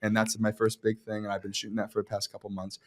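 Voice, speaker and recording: Fast-talking young man telling his story. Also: fairly low pitch. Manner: fast, profane, animated, with restarts. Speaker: actor guest. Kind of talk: casual podcast storytelling.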